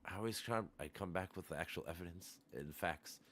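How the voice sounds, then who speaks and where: A low-voiced man hosts a casual livestream. He rants with heat, swearing often as he argues his point. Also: brisk, fairly bright tone. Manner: heated, profane ranting. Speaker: livestream host. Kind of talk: casual chat.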